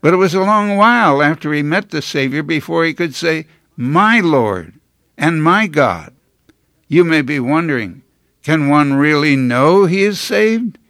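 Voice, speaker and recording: A man delivering a scripted sermon in an earnest, measured preaching manner with emphatic rises. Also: fairly high pitch, lively intonation, fairly bright tone, smooth, no echo, clean studio sound.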